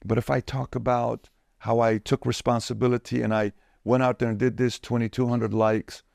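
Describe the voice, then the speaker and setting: A man's voice: medium pitch, flat delivery, moderate pace, gravelly, darkish tone, no room sound, clean studio sound, natural voice. A man putting on the voice of a whining, self-pitying complainer in a mocking sing-song. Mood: whiny mocking. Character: whiny self-pitying adult male complainer.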